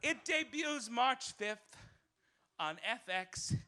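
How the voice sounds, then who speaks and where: A campy male comedian with a high, bright voice that leaps all over the place. He talks at an unhurried pace, drawing out his lines for effect before bursting into theatrical shrieks on stage. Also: lively intonation, slight background noise. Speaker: comedy host. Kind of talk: stand-up comedy monologue. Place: small cabaret club with live audience.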